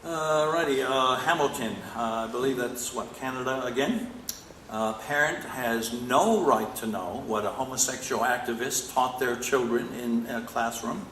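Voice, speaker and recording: A man's voice: mid-range voice, measured pace, fairly bright tone. An Australian man giving an emphatic conference talk, often prodding the audience with "right?". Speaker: conference speaker. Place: conference hall. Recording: echoey hall with faint noise.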